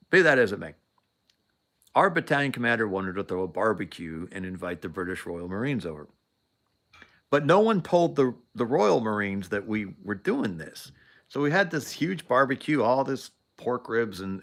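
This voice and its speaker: A man's voice: lowish voice, very animated, normal speed, fairly bright tone. Rambling man telling an old story. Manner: rambling, laughing, many restarts. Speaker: show host. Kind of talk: casual storytelling.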